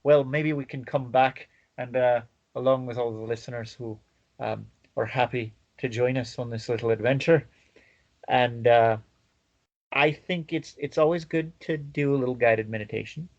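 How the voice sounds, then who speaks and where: Halting man on a dull, lo-fi podcast. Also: medium pitch, fairly even intonation. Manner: rambling, halting with fillers. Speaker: podcast host. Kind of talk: casual chat.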